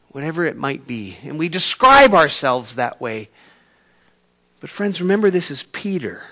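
High-pitched guy preaching, storytelling, goes quiet then loud. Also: sing-song, moderate pace. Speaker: pastor. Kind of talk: sermon.

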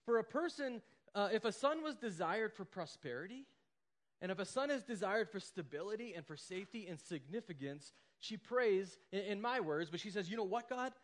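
A man preaches a sermon in an easy, conversational tone, his voice sitting a little higher than most. He keeps checking in with his listeners and briefly acts out the characters as he retells the story. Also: lively intonation, normal speed. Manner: conversational preaching, acts out quoted lines, frequent "right?" and "like". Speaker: pastor.

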